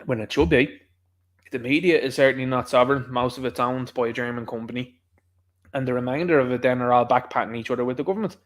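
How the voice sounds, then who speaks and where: A man's voice: mid-range voice, fast. A man with a Dublin Irish accent, hosting his own channel, giving rambling, combative political commentary in an impassioned way. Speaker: channel host.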